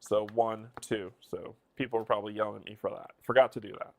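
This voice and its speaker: A man's voice: on the low side, fairly even intonation, quick pace, a little mellow. A man streaming live, casually thinking aloud and counting his moves as he plays a board game. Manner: muses and counts moves under his breath.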